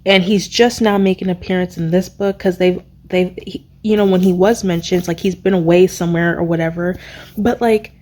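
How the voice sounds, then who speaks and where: A young woman vlogging about a book she just read, rambling and excitable, stopping to search for words. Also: lowish voice, brisk. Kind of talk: casual reading vlog recap.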